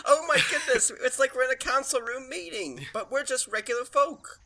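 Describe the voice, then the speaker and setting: A man's voice: extremely high pitch, expressive, a little fast, creaky, sharp tone. A young man playing in a tabletop game, playful and giggly. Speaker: player. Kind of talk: casual tabletop play.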